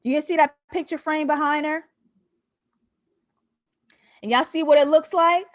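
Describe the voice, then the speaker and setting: A woman's voice: high voice, steady tone, measured pace. A young woman hosting a live film breakdown, chatting casually and profanely with her viewers and laughing often. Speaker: host of a film breakdown show. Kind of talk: casual live-stream commentary.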